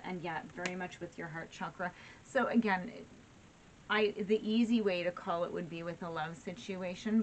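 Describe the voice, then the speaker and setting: Encouraging woman reading tarot, low voice. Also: a little hiss or hum, low-quality recording. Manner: warm, encouraging, full of "right?" and "okay?". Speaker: tarot reader. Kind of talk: casual tarot reading to viewers.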